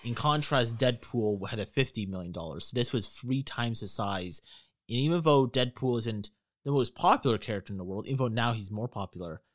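A man's voice: medium pitch, animated, brisk, dry recording, clean studio sound. A man co-hosting a casual podcast, relaying facts and reading quotes aloud. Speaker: podcast co-host.

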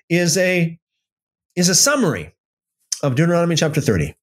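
A man giving informal Bible teaching in an emphatic, animated way, often restarting and using fillers. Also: fairly high pitch, moderate pace.

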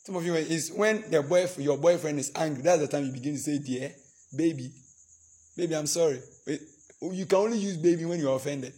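A man's voice: on the high side, fast talker. A man preaching at a marriage seminar, acting out scenes between couples and leading the congregation in prayer. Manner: acts out couple arguments, animated, prays in tongues. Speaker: pastor. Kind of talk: sermon.

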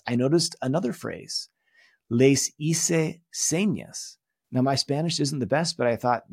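Speaking in a husky mid-range voice, a religion course instructor teaches a recorded video lesson. He explains things earnestly with emphatic rises, and the recording is dry and studio quality.

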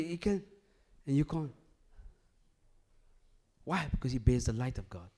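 In an unhurried, sing-song way, a man preaches, rising to loud, emphatic bursts and sinking to hushed low lines, repeating phrases to build toward his point.

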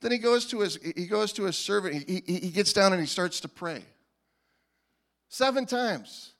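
High-voiced pastor preaching casually. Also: male voice, moderate pace. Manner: animated and informal, with frequent restarts. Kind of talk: conversational sermon.

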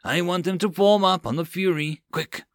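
A man's voice: sits high, normal speed, no room sound, voice pushed up. A man reading an audiobook, voicing a hot-tempered male fleet commander who roars orders and curses his enemies. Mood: commanding. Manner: roaring orders, angry.

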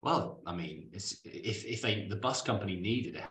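Deep guy on a law podcast, dry teasing banter, echoey room. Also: expressive, moderate pace, a bit bright, slight background noise. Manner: dry, playful teasing of his co-host. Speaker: podcast co-host discussing employment law cases. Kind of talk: casual legal podcast banter.

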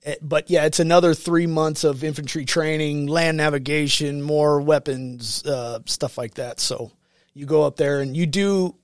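A man's voice: a little high, moderate pace, no echo. A man, a military veteran, telling stories as a guest in a casual studio interview, acting out quotes with lots of fillers. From United States. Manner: animated, acts out quotes, many fillers.

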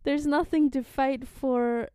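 A woman's voice: high voice, fairly even intonation, takes it slowly, warm tone, no room sound, clean studio sound. A woman co-hosting a podcast, chatting casually about a comic series with plenty of fillers and small laughs. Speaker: podcast co-host.

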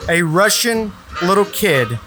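A man's voice: high-pitched, very animated, slow, over music. A man hosting improv comedy skits in casual banter, laughing often and swearing freely. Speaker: podcast host running improv skits.

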